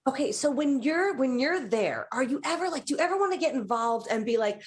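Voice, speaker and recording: A woman's voice: high-pitched, expressive, fairly quick, few pauses. A woman interviewing a guest on a TV show, asking questions in a chatty, upbeat way.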